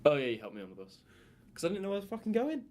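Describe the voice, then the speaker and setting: A man's voice: a little high, huge pitch swings, very fast, a little mellow, slight background noise. A young man with a Birmingham accent, co-hosting a casual chat podcast and telling a long story with many restarts. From England. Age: young adult. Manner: rambling, storytelling with restarts and laughs. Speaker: podcast co-host.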